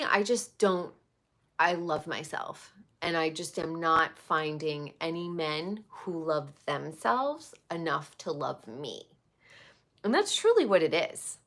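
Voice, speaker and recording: A woman in her forties hosting a casual celebrity gossip talk, blunt and swearing freely, with animated outbursts. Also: mid-range voice, a little slow. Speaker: podcast host.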